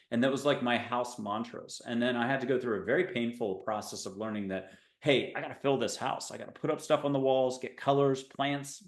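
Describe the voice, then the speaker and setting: Male host, enthusiastic and rambling, midrange voice, roomy echo. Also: medium pitch. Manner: enthusiastic, rambling, playful wordplay. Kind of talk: enthusiastic spiritual talk show chat.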